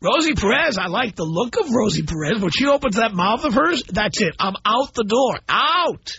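A middle-aged man hosting a call-in radio show, blunt and animated as he tells stories to his listeners. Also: high-pitched, normal speed, creaky, slightly rough. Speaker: radio talk show host. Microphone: studio microphone. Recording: dull broadcast audio.

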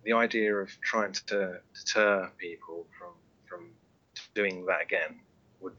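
A man joining a podcast discussion on a call, halting, with many fillers and restarts. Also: low-pitched, sharp tone, lo-fi sound. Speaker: podcast guest.

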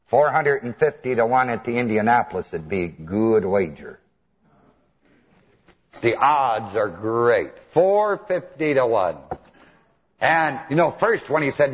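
Male preacher, animated storyteller, lively pitch, long-reverb hall, lo-fi tape. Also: normal speed. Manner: animated storytelling, chuckles, mimics chants. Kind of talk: sermon. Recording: dull old hall recording.

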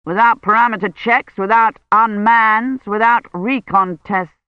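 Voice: mid-range voice, steady tone, measured pace, smooth, no echo, voice pushed up, natural voice. A reader voicing an older male academic who presses urgently for help. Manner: urgent, persuasive. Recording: dull lo-fi sound.

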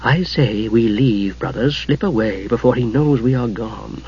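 Takhisis, a man voicing a hushed scheming goddess. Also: mid-range voice, unhurried, a little hiss or hum, lightly acted. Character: scheming dark goddess, sweet-voiced and mocking. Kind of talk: audiobook character reading. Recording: muffled lo-fi recording.

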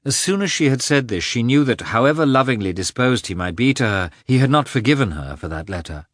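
A man narrating a classic novel as an audiobook, telling it in an expressive, measured way. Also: mid-range voice, no echo, clean studio sound. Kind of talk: scripted narration.

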